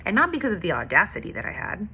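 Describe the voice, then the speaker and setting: A woman's voice: medium pitch, wildly swooping pitch, racing, pushed and bright, slight background noise. Candid woman sharing a faith testimony. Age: adult with a daughter. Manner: candid, confessional, emotional storytelling. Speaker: faith vlogger. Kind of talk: personal testimony vlog.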